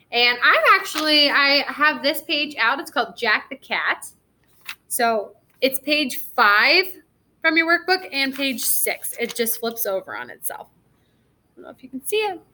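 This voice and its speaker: A young woman teacher records a reading lesson for first graders. Her voice is bright and sits a little high. She is slow and encouraging and stretches words out for small children. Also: poor audio.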